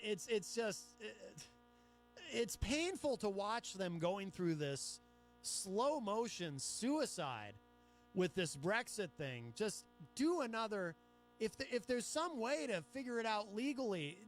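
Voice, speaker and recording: A man's voice: sits high, very animated, unhurried, faint music behind. A man hosting a talk radio show, reading news aloud with chatty, sarcastic asides. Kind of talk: solo talk radio commentary.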